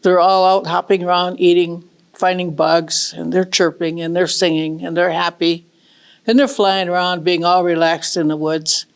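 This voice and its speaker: A middle-aged woman from northern Michigan telling a traditional story in a folksy, unhurried way, with casual asides to her listeners. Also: on the low side, fairly even intonation, gravelly, smooth.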